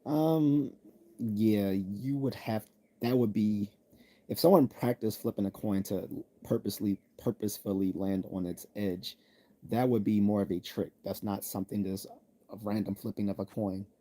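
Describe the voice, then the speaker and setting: A man's voice: fairly low pitch, normal speed, mellow. A man from the United States hosting a live stream, reading viewer chat aloud and answering bluntly with jokes and laughs. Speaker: livestream host reading chat.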